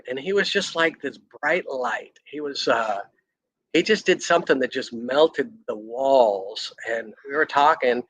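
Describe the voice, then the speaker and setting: A man's voice: on the high side, a bit bright, no room sound, low-quality recording. A middle-aged man, a chiropractor, telling his story in a candid, rambling way with frequent restarts. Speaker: chiropractor guest on a podcast. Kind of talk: casual storytelling interview.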